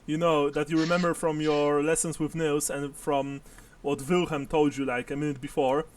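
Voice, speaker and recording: A man's voice: on the high side, level tone, moderate pace, far from the mic, a little hiss or hum. A man narrating a tabletop role-playing game as game master, chuckling often as he describes scenes.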